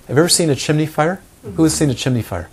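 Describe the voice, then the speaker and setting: A man's voice: on the high side, lively intonation, racing, husky. Man teaching meditation to a group. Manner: questions the audience, acts out examples. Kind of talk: live teaching talk to a group.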